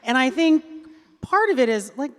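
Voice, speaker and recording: A woman's voice: high-pitched, big pitch swings, normal speed, fairly bright tone. A woman in her thirties moderating a live panel, chatty and reflective with many fillers. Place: large hall on stage. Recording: reverberant hall.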